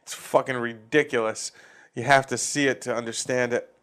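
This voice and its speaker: A man's voice: medium pitch, steady tone, moderate pace, fairly bright tone. A man from Massachusetts hosting a comedy podcast, ranting casually with lots of swearing and laughing at his own jokes. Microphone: facing a camera.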